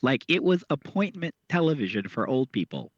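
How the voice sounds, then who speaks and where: A man's voice: mid-range voice, sing-song, moderate pace, no echo. A man co-hosting a podcast in a sassy, wry casual chat. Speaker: podcast co-host. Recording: slightly dull lo-fi audio.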